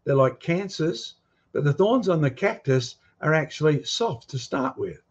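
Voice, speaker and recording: A man's voice: a little high, expressive, a little slow, breathy edge, highs cut off. A man giving a lecture with slides, emphatic and full of rhetorical questions and challenges to his audience. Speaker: guest speaker on creation and fossils.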